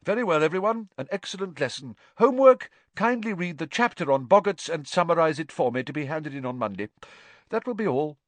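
A man voicing an upbeat male teacher who gives brisk, encouraging commands to a class. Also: on the high side, lively intonation, dry recording, voice pushed up, natural voice.

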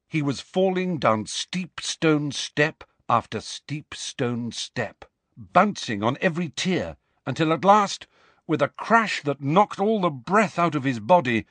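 A man narrating an audiobook in a measured, dramatic storytelling manner. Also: mid-range voice, fairly bright tone, no room sound.

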